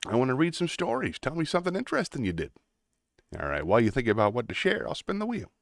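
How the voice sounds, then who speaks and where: A man's voice: mid-range voice, wildly swooping pitch, quick pace, vocal fry, dry recording. A man hosting a casual livestream, rambling in a self-deprecating way and answering chat messages aloud. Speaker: livestream host.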